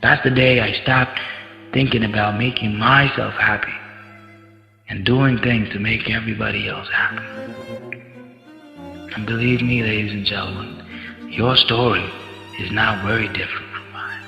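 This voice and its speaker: Gravelly man giving a dramatic speech. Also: lowish voice, steady tone, moderate pace, long pauses. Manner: dramatic, with rhetorical questions to the crowd. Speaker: contest speaker. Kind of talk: storytelling speech to an audience. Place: large hall. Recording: echoey hall, dull sound, faint music.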